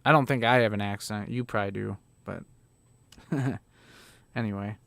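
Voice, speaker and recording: A man's voice: on the low side, moderate pace, creaky, fairly bright tone, dry recording. A man in his thirties with a Chicago accent, chatting casually and rambling a bit with plenty of swearing as he reviews videos. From Illinois, USA. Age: 30s. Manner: rambling, profane, laid-back. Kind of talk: casual reaction chat.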